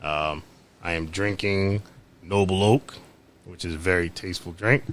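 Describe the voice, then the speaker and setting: A man's voice: low voice, fairly even intonation, fairly bright tone, a little hiss or hum. A man co-hosting a podcast, chatting casually and easily agreeing with the others. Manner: easygoing, quick to agree. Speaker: podcast co-host. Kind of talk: casual chat.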